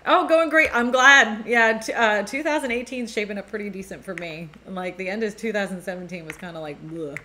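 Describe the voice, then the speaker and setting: A middle-aged woman with a New England accent hosts a relaxed live stream. She is chatty and laughs often, and her voice has a bright, ringing tone. Her pitch sits in an ordinary middle range. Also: brisk, hardly any pauses, a little hiss or hum. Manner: chatty, laughs often, reads viewer comments aloud. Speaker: host. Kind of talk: casual live-stream chat.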